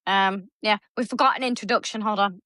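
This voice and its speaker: A woman in her thirties with a Stoke-on-Trent accent, co-hosting a casual podcast and telling stories in a chatty, animated way. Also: medium pitch, fairly quick, no room sound. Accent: Stoke-on-Trent English. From England. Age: 30s. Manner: chatty, animated storytelling with gasps. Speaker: podcast host. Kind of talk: casual chat.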